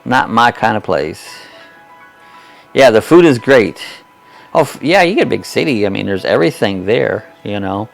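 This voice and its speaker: Older man, gravelly low voice, folksy rambling host of a casual live chat, faint music underneath. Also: very animated, moderate pace. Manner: rambling, folksy, self-deprecating. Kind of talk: casual live-stream chat reading comments.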